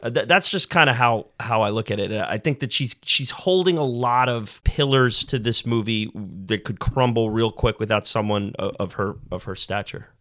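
A man's voice: medium pitch, normal speed, hardly any pauses, a bit bright, no room sound, studio quality. Man hosting a film podcast, rambling questions. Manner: asks rambling questions with restarts. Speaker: podcast host. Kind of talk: casual film chat.

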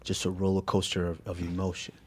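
A man with a low voice talking about fighting in relaxed podcast chat. He stumbles and repeats words as he thinks. His voice often sinks to a soft, near-whispered level. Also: fast talker, breathy edge. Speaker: fighter guest.

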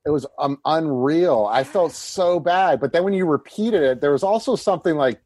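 A man's voice: fairly high pitch, lively intonation, normal speed, a little mellow. A man chatting casually as a co-host, hesitating and searching for his words. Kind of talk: casual chat.

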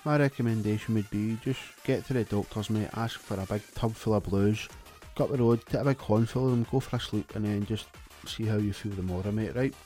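A Scottish man presenting a radio show with a fairly low voice, reading out listener messages. His delivery is deadpan and mocking and full of swearing, with faint music playing behind him. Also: fairly quick, few pauses. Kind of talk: comic radio DJ patter.

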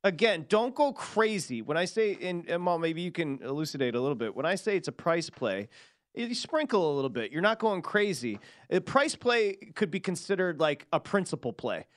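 Man, slightly high voice, wisecracking betting co-host, dry studio sound. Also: sing-song, normal speed, no room sound. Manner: wisecracking, laughs often. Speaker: sports betting show co-host. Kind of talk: casual sports talk.

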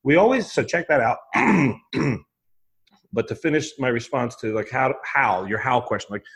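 At normal speed, a man with an animated, fairly bright, medium-pitched voice lays out a mindset method. He is emphatic and repetitive, dramatizes his inner voice in quotes, and regularly restarts phrases and checks in with "right?"

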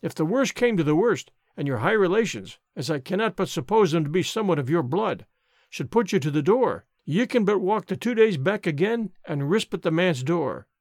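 An earnest old minister who lectures in a solemn, sermonizing way, as a man reads him aloud for an audiobook. The voice sits high and swings widely, and the sound is close and dry. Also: lively intonation, normal speed, dry recording. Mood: earnest counsel. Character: kindly old Scottish country minister, earnest. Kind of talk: audiobook reading.

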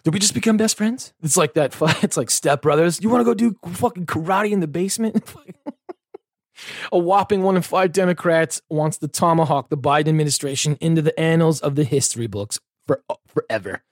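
A man's voice: a little high, brisk, dry recording, clean studio sound. A man hosting a podcast in an angry, sarcastic and heavily profane comedic rant, full of rambling asides. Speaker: podcast host.

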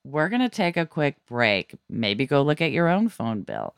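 A woman co-hosting a podcast in casual chat, chatty and quick to laugh, with lots of fillers. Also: very deep voice, big pitch swings, clean tone, no room sound, studio quality. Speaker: podcast co-host.

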